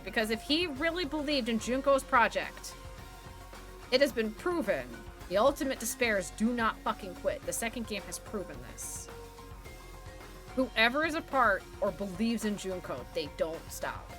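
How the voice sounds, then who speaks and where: A woman's voice: a little high, lively intonation, moderate pace, fairly bright tone. A woman streaming a game live, chatting casually with plenty of swearing and reading the characters' lines aloud with gusto. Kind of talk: live let's-play commentary. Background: game music.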